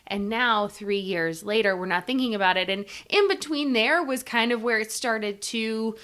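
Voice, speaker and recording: A woman's voice: fairly high pitch, normal speed, fairly bright tone. A woman hosting a podcast, agreeing and reflecting casually, with fillers like "you know" and "like". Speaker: podcast host.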